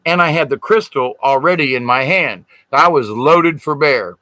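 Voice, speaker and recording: A man's voice: on the high side, lively intonation, normal speed, pushed and bright, no echo, low-quality recording. Earnest man telling a story. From Southern United States. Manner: rambling, earnest, acts out quoted voices. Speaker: spiritual storyteller. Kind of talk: casual storytelling.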